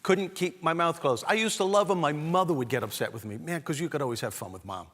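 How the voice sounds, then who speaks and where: A man from Brooklyn, giving a comedic motivational keynote with animated, punchy storytelling. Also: a little high, fast talker, long reverb tail. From Brooklyn, New York. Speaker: keynote speaker. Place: large hall, on stage.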